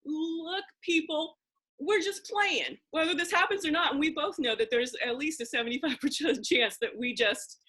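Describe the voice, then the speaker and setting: A woman from Philadelphia hosts a relaxed chat over a video call. Her voice sits high and rings bright, and she talks animatedly, tumbling through restarts and side remarks. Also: fairly quick, hardly any pauses. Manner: animated, excitable, frequent restarts and asides. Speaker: host. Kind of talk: casual video-call conversation.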